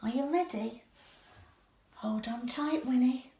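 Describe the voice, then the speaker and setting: A woman teacher reading a storybook aloud to young children at home, gentle and expressive. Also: on the high side, slow. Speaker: primary school teacher. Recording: echoey room.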